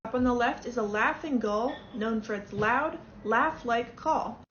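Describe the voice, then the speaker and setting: A woman's voice: a little high, unhurried, a bit bright, dull audio, a little hiss or hum. A woman voicing a patient but flustered tour guide in a comedy sketch, talking in a placating way. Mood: announcing. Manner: soothing, strained, placating.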